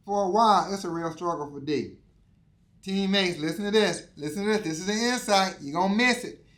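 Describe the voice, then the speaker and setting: High-voiced man preaching a lesson. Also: fairly quick, a bit bright. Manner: preachy, emphatic repetition. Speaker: insurance exam coach. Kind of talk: motivational teaching talk.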